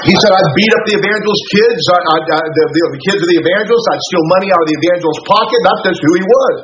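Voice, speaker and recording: A man retelling a story on a radio talk show in a folksy way, quoting each person's dialogue as he goes. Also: high voice. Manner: rapid, folksy retelling full of quoted dialogue. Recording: echoey, dull radio recording with noise.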